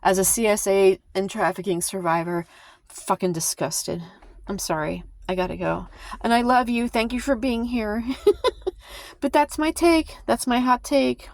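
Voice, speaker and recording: Speaking directly to her viewers, a woman vlogger delivers a heated, emphatic rant of impassioned casual commentary to camera. She sighs, stumbles over her words and starts again, talking a little slowly at a medium pitch. The sound is dry and close, with no room echo.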